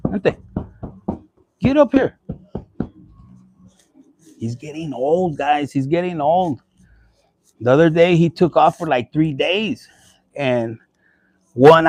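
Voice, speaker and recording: Foul-mouthed, high-voiced man reading tarot. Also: darkish tone, no echo. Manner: profane, blunt and chatty, mixing in Spanish phrases. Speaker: tarot reader. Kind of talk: casual tarot reading vlog.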